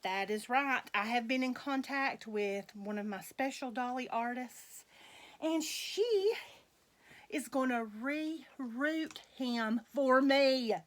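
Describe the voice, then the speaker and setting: Slow-talking chatty woman. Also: high voice, a bit bright. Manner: slow, chatty, folksy, laughs often. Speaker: vlogger dressing reborn dolls. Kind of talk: rambling casual chat to viewers.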